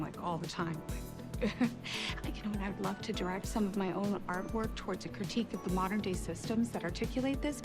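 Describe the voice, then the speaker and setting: An actress playing an unhappy young mother in a film, talking in a confessional, self-deprecating way with nervous laughs. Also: on the high side.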